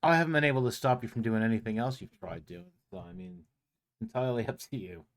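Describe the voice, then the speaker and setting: Gravelly, dry-humored man playing a tabletop game. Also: mid-range voice, animated, fast talker. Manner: dry, resigned. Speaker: player.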